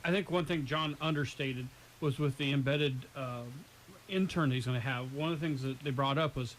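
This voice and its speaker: A man's voice: medium pitch, fairly even intonation, moderate pace, a little hiss or hum, low-quality recording. A man who broadcasts local baseball games, sharing anecdotes in a casual radio chat. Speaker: game broadcaster.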